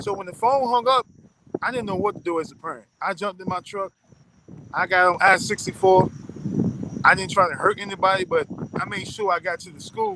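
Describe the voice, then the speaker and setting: A distraught father, retelling events in an urgent, halting way over a phone call. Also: high voice, heavy background noise. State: distraught, emotional. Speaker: interviewee, father of a victim.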